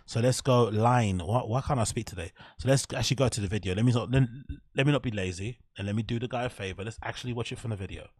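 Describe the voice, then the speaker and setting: Blunt, swearing English reviewer. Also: male voice, mid-range voice, fast, hardly any pauses, breathy edge, no echo, clean studio sound. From England. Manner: blunt, profane, offhand. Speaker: YouTube reviewer. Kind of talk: casual commentary.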